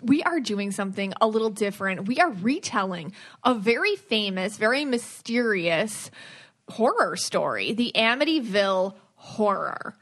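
A woman hosting a podcast about auras, chatting casually and teasing her co-host with quick laughs. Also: mid-range voice, sing-song, a bit bright. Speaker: podcast host, aura reader.

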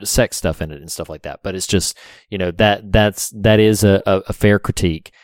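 A man's voice: low voice, normal speed, dry recording, clean studio sound. A man co-hosting a podcast in casual chat, rambling with frequent restarts. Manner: rambling, restarts, laughs often. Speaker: podcast co-host.

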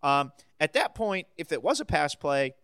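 A man's voice: a little high, big pitch swings, moderate pace, fairly bright tone, clear, resonant tone, no echo. A man co-hosting a sports podcast who gives emphatic, opinionated takes in casual chat.

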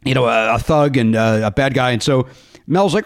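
A man hosting a podcast, telling stories in an excitable, animated way and laughing often. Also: medium pitch, moderate pace, clear, resonant tone. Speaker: podcast host. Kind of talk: casual chat.

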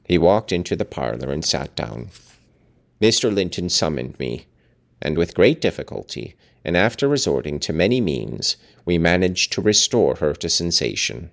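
A man reading a novel aloud, mixing expressive reading with chatty, casual asides. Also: low-pitched, normal speed, creaky. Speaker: book reader.

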